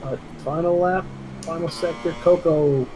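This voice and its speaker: A man doing casual esports race commentary, chatty and quick to laugh, restarting his sentences often. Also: on the high side, fairly even intonation, noisy background.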